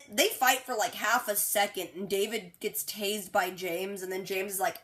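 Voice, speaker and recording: A young woman recapping a TV episode in a slangy, excitable way, sounding a bit sick and acting out characters' lines. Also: mid-range voice. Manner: acts out characters' lines in quick voices. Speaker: TV reaction vlogger. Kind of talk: casual recap and reaction.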